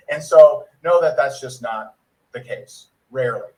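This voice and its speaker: A man giving a sales training talk, rambling and clearing his throat often. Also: mid-range voice, a little slow, darkish tone, low-quality recording.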